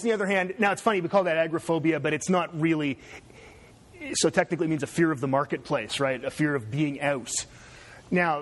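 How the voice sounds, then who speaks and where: Chatty male lecturer, higher voice. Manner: chatty, asks students "right?". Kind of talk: classroom lecture.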